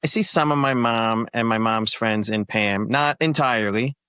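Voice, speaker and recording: A man's voice: medium pitch, moderate pace, bright, forceful tone, clear, resonant tone, dry recording. A man chiming in as a podcast co-host, easygoing and agreeable. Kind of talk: casual interview chat.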